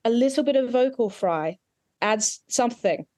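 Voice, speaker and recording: A woman's voice: a little high, animated, moderate pace, darkish tone, dry recording. Woman dialect coach walking a student through mouth shapes, patient and technical, dry close sound. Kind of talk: accent coaching session.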